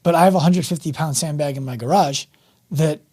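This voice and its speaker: Chatty higher-voiced podcast host. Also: male voice, brisk, a little mellow. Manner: chatty, long winding questions. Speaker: podcast host and fitness coach. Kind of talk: casual interview talk.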